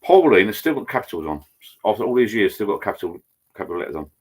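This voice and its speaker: Middle-aged man, very low voice, loose rambling live-stream host. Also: very animated, fast talker, slightly rough. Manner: rambling, chatty, greets viewers by name. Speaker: channel host. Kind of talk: casual live-stream chat. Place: home garden bar. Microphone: laptop.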